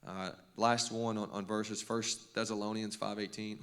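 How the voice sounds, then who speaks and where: This middle-aged man has a fairly low, slightly bright, clean voice, and his delivery is flat and a little slow. He coaches basketball and teaches, and here he gives a devotional talk to a men's group. He keeps it folksy and conversational, with lots of restarts and stammers and some self-deprecating humor.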